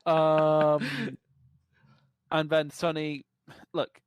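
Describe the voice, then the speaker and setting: A man's voice: fairly high pitch, level tone, extremely slow, smooth, no room sound. A man co-hosting a casual podcast chat, giving blunt opinions and swearing casually. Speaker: podcast co-host.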